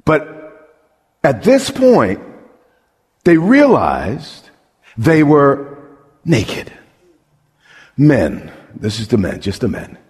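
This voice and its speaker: A man's voice: medium pitch, wildly swooping pitch, slow pace, long pauses, a little mellow, slightly rough. A man preaching a sermon as pastor, emphatic, asking the crowd questions and repeating words as he builds a point. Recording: long hall reverb.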